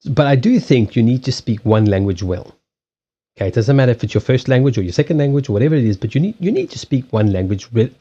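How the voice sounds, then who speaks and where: A man's voice: fairly low pitch, mellow, breathy edge, dull audio. A man with a Southern African English accent, hosting a casual livestream chat with viewers, rambling with lots of restarts, laughing often and swearing bluntly. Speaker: livestream host doing card readings.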